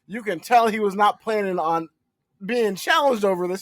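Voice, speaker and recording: Male podcast co-host, animated and profane, high pitch, dead-dry sound. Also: normal speed, dry recording. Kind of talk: casual chat.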